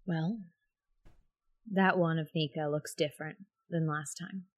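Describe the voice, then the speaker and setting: A woman's voice: low-pitched, steady tone, measured pace, dry recording. A woman playing a tabletop role-playing game, speaking thoughtfully and asking questions. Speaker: player.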